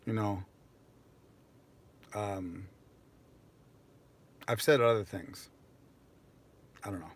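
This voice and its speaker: A man's voice: on the low side, slow, long pauses. Rambling young American man streaming live. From United States. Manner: rambling, filler-heavy, self-mocking. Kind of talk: casual live-stream chat.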